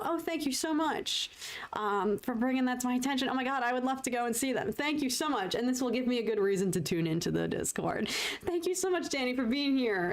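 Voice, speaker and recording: A young woman, chatting casually with her viewers as she paints on a livestream, laughing often and thanking people in chat. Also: fairly high pitch. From United States. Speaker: livestreaming artist.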